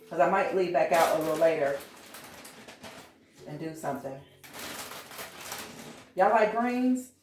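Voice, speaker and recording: Home vlogger, woman, chatty, keeps saying y'all, phone camera in an echoey room, faint music behind. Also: on the low side. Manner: chatty, addresses viewers as y'all. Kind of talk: casual home vlog chat. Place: home kitchen, indoors. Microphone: handheld phone camera.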